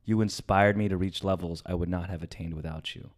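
A man co-hosting a casual comedy podcast, animated and mocking, laughing often. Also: deep voice, a little fast. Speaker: podcast co-host.

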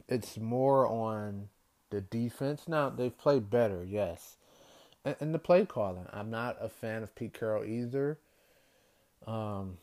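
A man hosting a solo sports show, ranting in an exasperated way, repeating himself and climbing higher in pitch when worked up. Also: darkish tone. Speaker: sports podcast host. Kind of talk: solo sports commentary rant.

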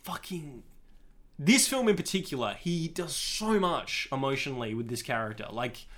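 A man's voice: medium pitch, sing-song, moderate pace, fairly bright tone. A man co-hosting a film podcast, talking casually and enthusiastically, swearing often and using many fillers. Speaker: podcast co-host.

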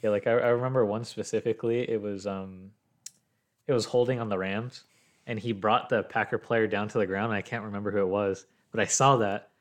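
A young man in casual sports chat, telling animated stories and acting out what others said. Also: on the low side, fairly quick. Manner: animated storytelling, acts out quotes.

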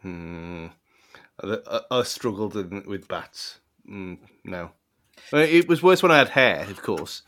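A man's voice: on the low side, lively intonation, measured pace, a bit bright. A man making dry, mumbled asides in a casual film chat.

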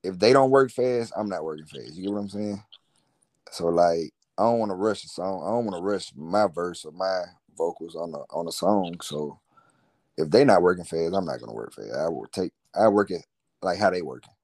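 A man's voice: sits low, normal speed, a little mellow. A man being interviewed as a musician and entrepreneur, talking in a laid-back, rambling way with plenty of slang. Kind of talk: casual interview chat.

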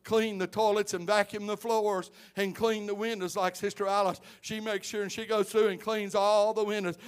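High-voiced preaching man. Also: little pitch movement, normal speed, hardly any pauses, smooth. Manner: builds from quiet storytelling to shouted preaching. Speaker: pastor. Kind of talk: sermon.

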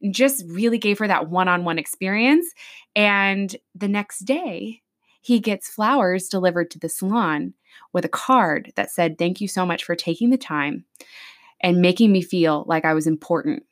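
A woman who works as a hairstylist, co-hosting a podcast and telling a story in a chatty, animated way, acting out the voices of the people in it. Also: lowish voice, normal speed. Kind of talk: casual storytelling chat.

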